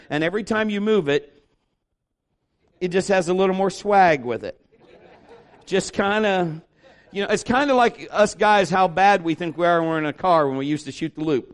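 A middle-aged pastor delivers a sermon by way of a folksy, funny story, performing the voices of its characters. His voice sits high.

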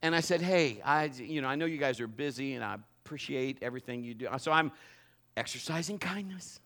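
A middle-aged man preaching a sermon, telling a funny story and acting it out in a lively way. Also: mid-range voice, brisk. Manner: animated, acts out the story. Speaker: pastor.

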